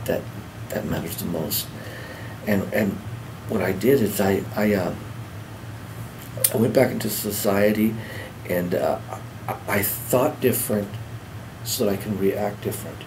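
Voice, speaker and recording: A middle-aged man with a lowish voice recounts his recovery in earnest, heartfelt testimony, stopping to restart and repeating words. There's noise in the background.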